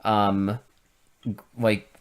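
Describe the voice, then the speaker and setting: A man co-hosting a podcast in casual chat, animated and finishing his co-host's sentences. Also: fairly low pitch, drawn-out words, smooth. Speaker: podcast co-host.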